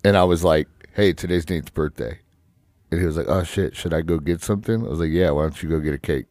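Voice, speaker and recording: Man, deep low voice, podcast co-host, rambling chatty delivery, vocal fry, dry close studio mic. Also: fast, no room sound. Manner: relaxed, rambling with many fillers, vocal fry. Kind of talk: casual podcast chat. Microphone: studio podcast microphone.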